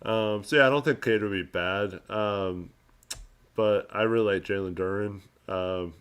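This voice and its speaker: A man co-hosting a sports podcast, giving relaxed basketball takes and dry short comments. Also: on the low side, measured pace, smooth. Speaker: podcast co-host. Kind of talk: casual chat, basketball analysis.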